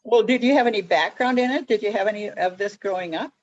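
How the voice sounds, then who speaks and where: A woman's voice: mid-range voice, fast talker, muffled recording, slight background noise. A woman hosting an interview, asking questions and reacting with exclamations and laughter. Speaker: interview host. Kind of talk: casual interview.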